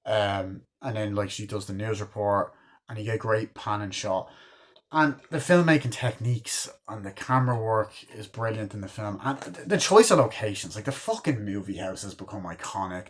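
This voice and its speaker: Male fan reviewer, casual and excitable, rambly delivery, swears a lot. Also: lowish voice, moderate pace. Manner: rambling, profane, lots of fillers like "you know" and "like"; enthusiastic fan. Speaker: movie reviewer. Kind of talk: casual spoken film review.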